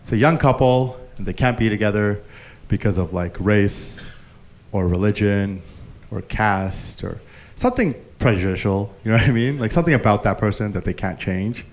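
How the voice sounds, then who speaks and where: Man, stand-up comedian, live set, lively swooping pitch, acts out characters. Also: moderate pace. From grew up Indian. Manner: animated storytelling, acting out characters. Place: live comedy stage with audience. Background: audience laughter.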